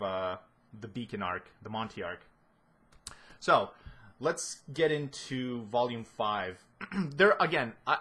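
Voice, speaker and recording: Rambling husky-voiced man analysing a series. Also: medium pitch, bright, forceful tone. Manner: rambling, many restarts and fillers, sardonic. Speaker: video essayist. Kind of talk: casual analysis monologue.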